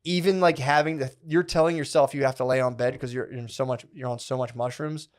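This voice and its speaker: A man's voice: medium pitch, fairly even intonation, brisk. Rambling, profane podcast storyteller man. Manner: loose, profane, fills every phrase with "like" and "dude". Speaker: comedy podcast co-host.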